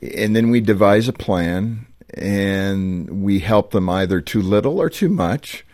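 A middle-aged man hosting a radio interview, speaking in a calm, measured way. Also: on the low side, no echo, clean studio sound. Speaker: radio show host.

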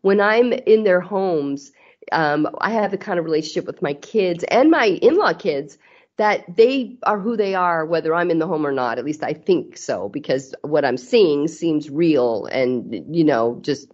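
A woman's voice: low voice, animated, a little slow, darkish tone. A middle-aged woman talking candidly as a guest in a casual interview, earnest and often restarting her sentences. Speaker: podcast guest. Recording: slightly muffled audio.

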